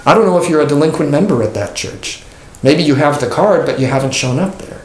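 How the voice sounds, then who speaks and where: A man's voice: fairly high pitch, animated, brisk. A man who is a pastor teaching an informal catechism class, talking conversationally, joking and acting out the people he quotes. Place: church classroom. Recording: echoey room with faint noise.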